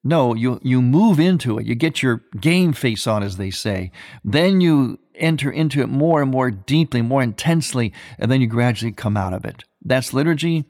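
A man's voice: mid-range voice, expressive, moderate pace, darkish tone, dry recording, studio quality. A man, a priest hosting a radio program, giving a reflective teaching talk and often repeating phrases as he builds a point.

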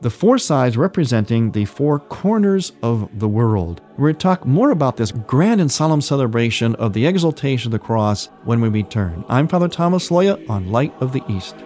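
A man's voice: mid-range voice, big pitch swings, moderate pace, hardly any pauses, darkish tone, soft background music. A man, a priest hosting a religious radio program, explaining liturgy in an earnest teaching manner with emphatic repetition. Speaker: priest and radio show host.

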